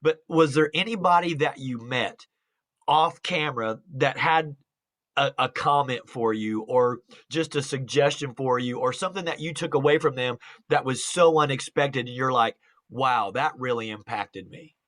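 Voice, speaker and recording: A man's voice: mid-range voice, normal speed, a bit bright. Enthusiastic male interview host. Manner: enthusiastic, encouraging, many "I mean" fillers. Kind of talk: casual interview.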